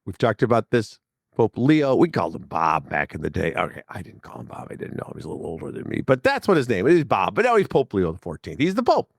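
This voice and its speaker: Chatty low-voiced man in his sixties. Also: huge pitch swings, quick pace, creaky, dry recording, clean studio sound. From Chicago area, US. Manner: chatty, digressive, chuckling often. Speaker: podcast host. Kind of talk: casual podcast monologue.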